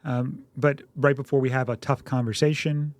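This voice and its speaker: A middle-aged man co-hosting a parenting podcast, casually giving advice and acting out what a parent might say in lively quoted voices. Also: mid-range voice, moderate pace, no echo. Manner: acts out parent dialogue in animated quoted voices. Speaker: podcast co-host, doctor.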